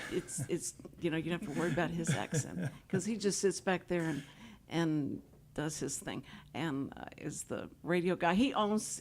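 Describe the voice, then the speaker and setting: A woman's voice: sits low, slight background noise. A woman from Houston hosting a talk show, rambling and laughing often as she chats with guests. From Houston, Texas. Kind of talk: casual chat. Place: radio studio.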